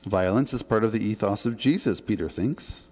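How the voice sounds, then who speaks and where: A man's voice: lowish voice, moderate pace, darkish tone. A man preaching a sermon as a pastor, in an earnest, conversational way with emphatic rises on key points. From Canada. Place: church sanctuary. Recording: long church reverb.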